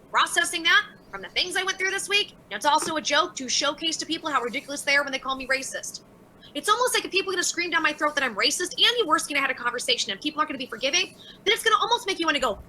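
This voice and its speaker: Woman streamer reading chat, high voice that swings all over, blunt and sweary. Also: sharp tone, a little hiss or hum, low-quality recording. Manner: blunt, profane and exasperated. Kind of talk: casual livestream chat.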